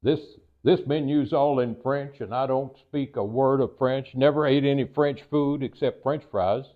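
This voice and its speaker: A man's voice: medium pitch, measured pace, natural voice. A man voicing a plain-spoken rural male diner, blunt and folksy. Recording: tinny phone-like recording.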